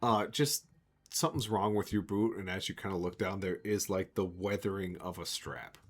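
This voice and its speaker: A man narrating a tabletop game as game master, lively and slipping into character voices. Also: low-pitched, normal speed. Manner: animated, jumps into character voices.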